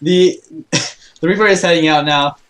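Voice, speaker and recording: A man co-commentating a video game in a relaxed, giggly way. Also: a little high, a little slow. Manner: easygoing, giggly.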